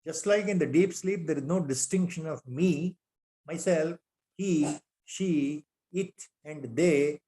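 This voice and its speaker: A man with an Indian English accent delivers a spiritual lecture, his voice sitting a little high for a man. He repeats rhetorical questions for emphasis and drops Sanskrit terms into his English. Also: slow pace, mellow. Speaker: lecturer on scripture.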